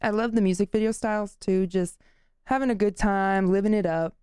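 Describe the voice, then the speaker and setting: A woman's voice: medium pitch, steady tone, fairly quick, warm tone, smooth, dry recording, clean studio sound. A woman co-hosting a podcast in casual chat, bubbly and gushing, laughing often. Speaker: podcast co-host.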